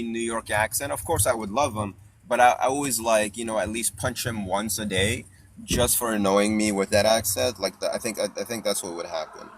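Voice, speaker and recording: A man hosting a casual chat, rambling and animated, laughing often as he talks. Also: medium pitch, slight background noise. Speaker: podcast host. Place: parked car outdoors.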